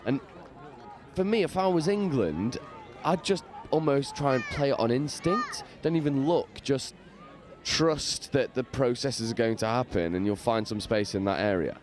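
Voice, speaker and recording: A man giving lively play-by-play commentary from a balcony at an outdoor sports ground, with casual slang. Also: medium pitch, a little slow. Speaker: match commentator.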